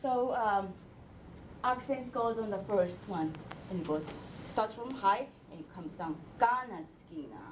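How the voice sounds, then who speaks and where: A woman linguist giving an academic presentation, explaining her slides step by step with frequent pauses and hesitations. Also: mid-range voice, background noise.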